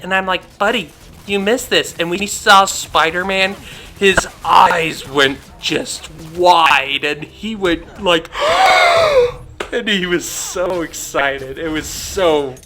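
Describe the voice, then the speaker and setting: A man's voice: fairly high pitch, pushed and bright. A young man hosting a gaming channel, chatting casually and heartfelt over gameplay, rambling with many fillers.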